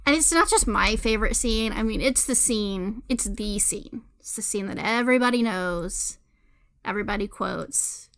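A woman's voice: fairly high pitch, normal speed, fairly bright tone. A woman with a Southern US accent, co-hosting a casual movie podcast in a rambling, gushing, giggly way. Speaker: podcast co-host.

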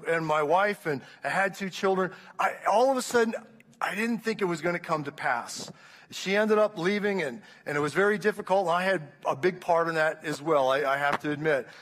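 A man around sixty preaches to his congregation with a notably high, ringing voice. He tells his story with passion, often restarting his sentences. His words roll out into the long echo of a church hall. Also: fairly bright tone. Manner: impassioned storytelling with frequent restarts. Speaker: pastor. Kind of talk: sermon testimony.

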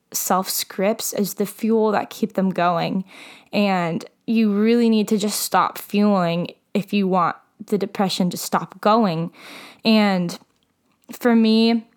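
A woman's voice: mid-range voice, clear, resonant tone. A young woman in her late teens speaking candidly and earnestly about her own struggles, with frequent "like" fillers. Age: young adult. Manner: candid and heartfelt, many fillers like "like". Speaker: mental health vlogger. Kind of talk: earnest personal talk to camera.

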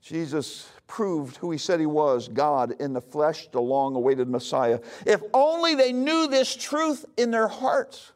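A man preaching a sermon as a pastor, emphatic, swinging between loud calls and low hushed lines. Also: lively intonation, measured pace.

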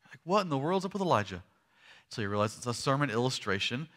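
A man preaching a sermon, retelling a story dramatically, swinging from loud emphasis to hushed lows and slowing down to stress key lines. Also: very animated. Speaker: pastor.

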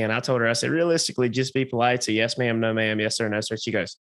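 A man's voice: mid-range voice, fairly even intonation, quick pace, a bit bright. A man with a Southern US accent, chatting casually as a podcast co-host, rambling with fillers and laughing often. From American South. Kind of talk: casual chat.

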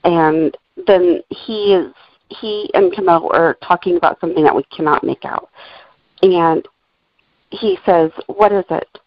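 A woman's voice: on the low side, a little slow, no room sound. A woman co-hosting a podcast in casual chat, methodically walking through her notes and transcripts. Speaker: podcast co-host. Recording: dull lo-fi recording.

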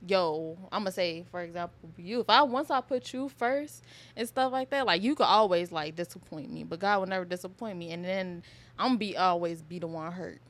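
A woman's voice: lowish voice, moderate pace. A young woman co-hosting a casual faith podcast, telling stories hesitantly with many fillers. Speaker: podcast co-host.

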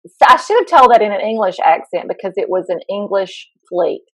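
A woman's voice: medium pitch, expressive, a little fast, a bit bright, breathy edge, dry recording, rough recording. A woman co-hosting a podcast as a school counselor, chatting casually, laughing and rambling with restarts.

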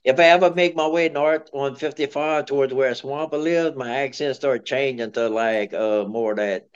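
A man's voice: medium pitch, normal speed, clear, resonant tone, highs cut off. A man with a Cajun accent, co-hosting a casual podcast, rambling and hedging in a good-humored way. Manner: rambling, hesitant, self-correcting, good-humored. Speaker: podcast co-host. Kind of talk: casual chat.

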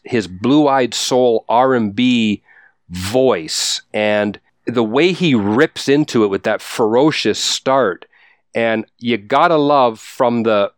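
A middle-aged man giving enthusiastic commentary on music, talking fast with restarts and emphatic repetition. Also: mid-range voice, no room sound, studio quality.

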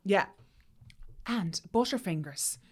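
A woman in her thirties, chatting casually and telling stories about her family with animated quoted voices. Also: mid-range voice, slow pace, husky. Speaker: guest. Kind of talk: casual chat.

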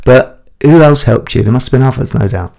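A male interviewer with a gravelly, creaky edge to his mid-range voice asks his questions in a loose, chatty way. He keeps the talk moving and murmurs along while his guest speaks. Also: medium pitch, a little fast. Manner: relaxed, chatty, gives frequent backchannel murmurs. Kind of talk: casual interview chat.

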